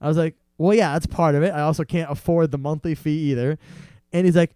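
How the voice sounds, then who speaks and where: A young man with a fairly high, smooth, mellow voice tells a story in casual podcast chat. He acts out other people's lines as he goes, and the sound is dry and close on a studio mic. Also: fast talker, no room sound. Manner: animated, acts out salesmen's voices in quotes. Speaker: podcast guest.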